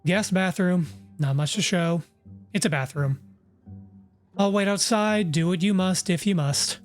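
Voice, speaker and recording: A man's voice: sits high, a little slow, soft background music. A man voicing an irritable woman showing a house, curt and dismissive.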